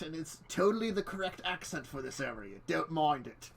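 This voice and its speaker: A man's voice: fairly high pitch, expressive, moderate pace, vocal fry. A man running a tabletop game stream as game master, chatting casually and laughing at his own technical troubles. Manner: chatty, self-deprecating, laughs often.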